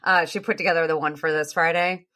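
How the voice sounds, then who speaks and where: A woman's voice: sits low, fairly even intonation, fast, pushed and bright. A woman in her thirties hosting a podcast in casual chat, talking with laughs, fillers and trailing sentences. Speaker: podcast host.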